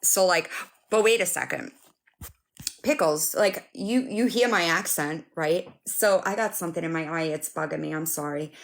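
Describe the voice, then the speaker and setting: A woman chatting casually to viewers on a live stream from her phone, animated and swearing, often laughing. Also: low-pitched, moderate pace, vocal fry.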